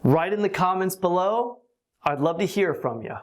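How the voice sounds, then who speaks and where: An English teacher giving an online lesson, explaining deliberately and laughing now and then. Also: mid-range voice, lively intonation.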